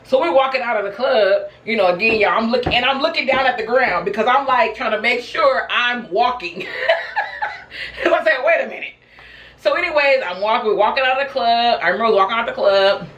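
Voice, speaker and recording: A woman's voice: fairly high pitch, very animated, fairly quick, fairly bright tone, highs cut off. Chatty woman vlogger telling a story to y'all, laughing a lot, echoey room. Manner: chatty, laughs often, addresses viewers as y'all. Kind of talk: casual storytelling while snacking.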